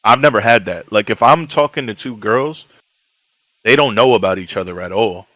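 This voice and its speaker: A man's voice: on the low side, normal speed, a bit bright, no room sound, low-quality recording. A young man co-hosting a podcast in casual chat, reacting bluntly with slang. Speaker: podcast co-host.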